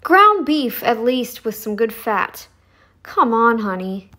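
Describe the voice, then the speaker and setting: A woman's voice: on the high side, sing-song, takes it slowly, sharp tone. A woman giving casual, blunt reaction commentary on a video, chatty and frank. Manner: chatty, blunt, says "dude" and "honey".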